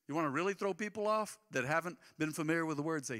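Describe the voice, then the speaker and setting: Man, pastor, sermon, bright ringing voice, church hall reverb, emphatic then hushed. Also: on the high side, animated, fast talker. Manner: impassioned, swinging between loud emphatic lines and quiet asides. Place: church sanctuary.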